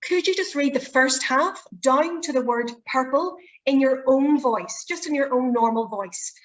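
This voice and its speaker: A woman's voice: high-pitched, a little slow, low-quality recording. Chatty woman presentation trainer. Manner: encouraging, chatty, polite requests. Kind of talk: workshop teaching.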